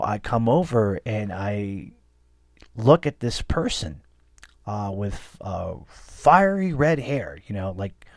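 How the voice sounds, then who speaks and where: A man with a fairly low voice hosts his own podcast, talking on his own in a loose, rambling way. He sounds earnest and leans on "you know" between thoughts. The studio sound is dry and close, with no room around him. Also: dry recording. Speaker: podcast host. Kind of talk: casual solo podcast monologue. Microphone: studio microphone.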